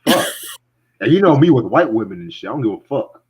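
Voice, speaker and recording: A man's voice: mid-range voice, brisk, breathy edge. A young man hosting a casual podcast, talking bluntly with lots of swearing and frequent laughter. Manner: blunt, animated, laughs often, swears freely. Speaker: podcast host and music reviewer. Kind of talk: casual profane podcast chat. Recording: dull lo-fi recording.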